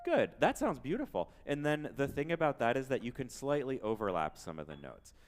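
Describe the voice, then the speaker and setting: A man teaching a piano masterclass, humming and singing phrases to show the student how a passage should go, with gentle encouragement. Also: medium pitch, sing-song, brisk. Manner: sings and hums phrases to demonstrate, gentle encouraging coaching. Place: piano showroom recital space. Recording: roomy hall with piano playing. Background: piano playing.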